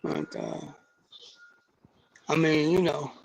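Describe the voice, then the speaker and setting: A man's voice: on the high side, flat delivery, slow pace, vocal fry, darkish tone, breathy edge, dry recording. A man co-hosting a casual talk show, laid-back and agreeable, often chiming in. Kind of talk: casual chat.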